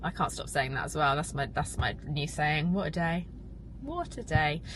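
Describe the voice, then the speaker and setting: A young woman chatting to her camera, gushing and a little emotional, rambling through fillers as she talks. Her voice sits low but sounds bright and forceful. A faint hiss of noise runs underneath. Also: animated, moderate pace, low-quality recording. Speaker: vlogger and podcast host. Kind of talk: casual vlog chat to camera.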